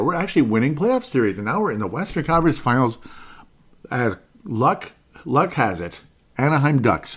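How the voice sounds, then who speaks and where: Low-voiced man ranting on a sports podcast. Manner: rambling, repeats himself, excitable. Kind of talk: solo sports podcast rant.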